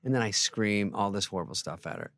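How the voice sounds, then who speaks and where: A man in his fifties, a comedian guest, telling a story in a sarcastic, deadpan way and acting out other people's lines. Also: on the low side, brisk, vocal fry. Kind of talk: casual storytelling chat.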